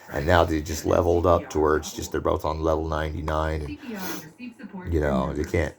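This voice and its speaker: A man gives an unscripted film lecture in a low, gravelly voice with some vocal fry. He rambles and drifts into digressions and loose asides. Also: a little mellow.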